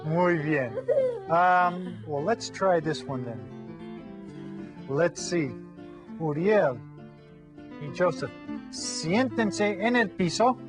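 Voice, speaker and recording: A man teaching a children's Spanish lesson on video, in a voice that sits a little high. He talks patiently, drawing words out slowly and asking whether everyone got it. Soft guitar plays faintly underneath. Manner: gives lively classroom commands.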